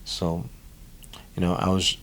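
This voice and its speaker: A man's voice: low-pitched, monotone, slow pace, fairly bright tone. A man with a New Orleans accent, a guest in an interview, telling his story with animation, repeating words and acting out the voices of others. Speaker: guest musician.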